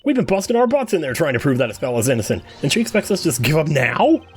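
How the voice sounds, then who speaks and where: A man reading out an excitable young woman sidekick in a higher, exasperated voice. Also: fast talker, faint music behind.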